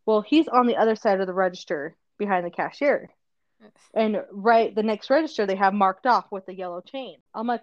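A woman co-hosting a parenting podcast, telling a lively story in casual chat, acting out quotes and laughing often. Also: mid-range voice, brisk, no room sound, dull audio. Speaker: podcast co-host, mother.

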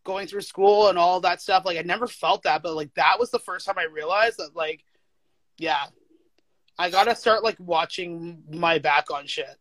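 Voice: medium pitch, no room sound. Emphatic young adult, dry close sound. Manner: emphatic, animated, full of "like" fillers and quick laughs. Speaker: interviewee. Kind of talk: casual conversation.

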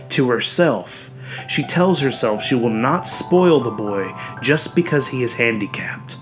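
Male audiobook narrator, measured storytelling. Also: medium pitch. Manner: measured storytelling with voiced characters. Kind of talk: scripted narration.

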